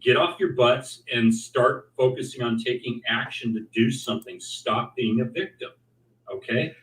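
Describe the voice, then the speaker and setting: A man bluntly urges listeners to take action, in a plain middle-pitched voice. The sound is roomy and comes from some distance off the mic. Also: normal speed, fairly bright tone. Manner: blunt, exhorting, motivational. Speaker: co-host. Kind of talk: casual discussion livestream.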